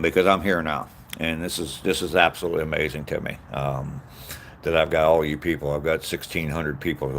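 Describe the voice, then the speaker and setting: Man, 60s, very low voice, unhurried rambling live-stream chat recorded outdoors with light background noise. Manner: rambling, frequent ums, greets viewers by name. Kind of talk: casual live-stream chat reading comments. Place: outdoors on a walking trail.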